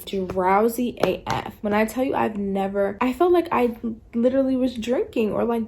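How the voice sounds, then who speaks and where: Chatty woman vlogger with a gravelly edge. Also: a little high, moderate pace, darkish tone. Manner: chatty retelling, acting out her own inner thoughts. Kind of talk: casual storytime vlog.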